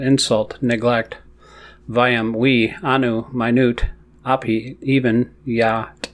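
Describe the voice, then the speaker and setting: A man reading scripture aloud, chanting Sanskrit verses slowly and glossing each word before reading the translation and commentary. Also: on the low side. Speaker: scripture reader.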